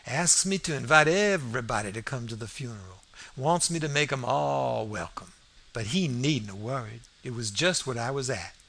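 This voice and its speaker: A man's voice: medium pitch, expressive, normal speed, gravelly, bright, forceful tone, full character voice. A man reading the lines of a smug old male swindler who pompously rambles and poses as an Englishman. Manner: pompous, rambling, self-satisfied.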